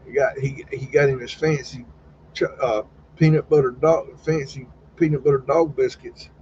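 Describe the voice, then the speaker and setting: A man's voice: medium pitch, steady tone, moderate pace, a little mellow. Guy just rambling casual on a livestream, swears a lot, kinda dull sound with a little hiss. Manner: folksy, swears casually, retells chats in quoted voices. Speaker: live stream host. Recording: slightly dull, faint background noise.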